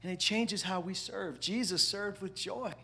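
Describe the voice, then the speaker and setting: A man preaching a sermon, animated, swinging between loud emphatic lines and hushed asides. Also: high-pitched, a little slow, creaky, a little hiss or hum. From parents from the American South. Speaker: pastor.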